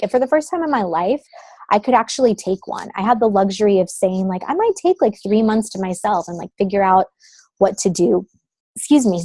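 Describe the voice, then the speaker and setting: A woman's voice: mid-range voice, mellow, dry recording. A woman in her thirties, a guest on an interview over the phone, talking casually and filling her speech with "like" and "um". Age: 30s. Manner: chatty, uses many fillers like "like" and "um". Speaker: guest, creative consultant. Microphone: phone call.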